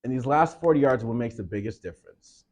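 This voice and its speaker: A man's voice: medium pitch, lively intonation, fast. Man giving a motivational team speech. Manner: builds to loud shouted coaching; retells film scene acting out coach. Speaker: motivational speaker.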